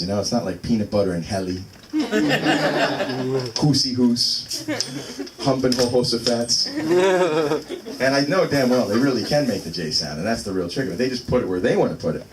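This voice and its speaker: A man's voice: medium pitch, big pitch swings, fairly quick. A man in his thirties doing open mic stand-up in a small venue, rambling and interrupting himself with fillers. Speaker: stand-up comic. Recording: distant mic with loud room noise.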